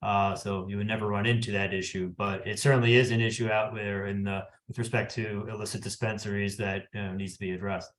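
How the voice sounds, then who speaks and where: Brief: composed applicant, low, steady, monotone voice, businesslike; reverberant room on a call. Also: male voice, brisk, hardly any pauses. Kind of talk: formal answer at a public meeting.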